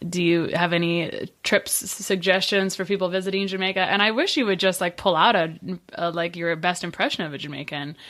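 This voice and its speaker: A woman hosts a podcast interview in a chatty, playful way, drifting into rambling asides before landing her questions. Her voice sits a little low for a woman. The audio is dry and close. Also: fairly quick, hardly any pauses, a bit bright, dry recording. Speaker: podcast host. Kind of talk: casual interview hosting.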